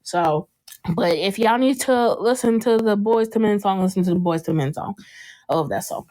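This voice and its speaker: At normal speed and medium pitch, a young adult woman hosting a podcast relaxes into casual chat. She re-enacts scenes from a show with animated storytelling and keeps cracking up laughing.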